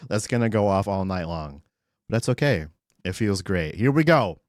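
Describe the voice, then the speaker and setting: An excitable man hosting a live stream, talking fast and loose with his viewers and swearing freely. His voice sits a little low for a man. He greets people by name as he goes. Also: slight background noise. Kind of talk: casual live-stream chat.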